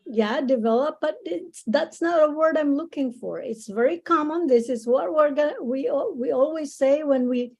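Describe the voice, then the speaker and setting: A woman's voice: high-pitched, a little mellow, rough recording. A woman tutoring English speaking on a video call, patiently explaining words and encouraging her students. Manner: patient, encouraging, explains slowly with many restarts. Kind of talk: online English lesson.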